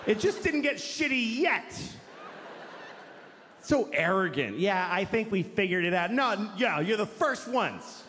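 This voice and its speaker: A man's voice: high-pitched, very animated, unhurried, pushed and bright, in a large hall, a little hiss or hum. A man doing stand-up comedy, ranting bluntly and crudely, and jumping into mocking voices for the people he quotes. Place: large hall with an audience.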